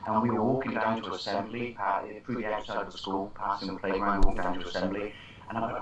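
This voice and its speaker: A man's voice: fairly low pitch, brisk. A man co-hosting a casual film chat, rambling through stories with many restarts. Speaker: podcast co-host. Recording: dull roomy home recording.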